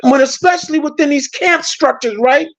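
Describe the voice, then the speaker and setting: A man's voice: very high-pitched, normal speed, a bit bright. A man speaking with passion and grievance in a heated online discussion, over dull lo-fi stream audio. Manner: passionate, aggrieved. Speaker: panel speaker.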